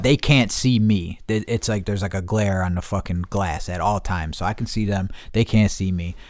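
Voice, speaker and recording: A man's voice: mid-range voice, no room sound, studio quality. A young man hosting a podcast, telling a rambling story in blunt, profane, casual talk. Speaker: podcast host.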